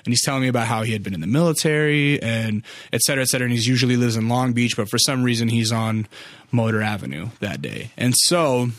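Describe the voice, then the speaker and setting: A man's voice: medium pitch, fast, no room sound. A young man casually telling a long story, rambling and cursing freely, with lots of filler words. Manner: rambling, profane, filler-heavy.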